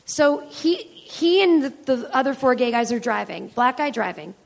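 A woman's voice: high voice, expressive, moderate pace, creaky. A woman comedian hosting a live show on stage, rambling candidly and swearing freely with self-deprecating asides. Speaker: comedian podcast host. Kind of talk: live stand-up style chat with audience.

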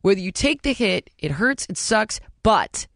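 A woman's voice: mid-range voice, big pitch swings, a little slow, gravelly, a bit bright, no echo, clean studio sound. A middle-aged woman hosting a podcast, talking candidly and bluntly in casual chat, cursing freely. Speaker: podcast host.

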